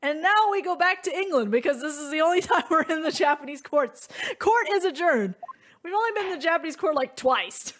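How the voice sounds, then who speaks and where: A woman's voice: high-pitched, animated, fast, fairly bright tone. A woman giving playful let's play commentary. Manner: giggly, playful. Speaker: game player.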